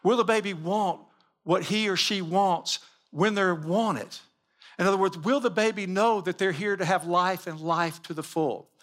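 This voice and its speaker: A man's voice: high voice, normal speed, fairly bright tone. A man giving a sermon-style teaching with slides, emphatic and full of repeated rhetorical questions. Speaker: Christian teacher.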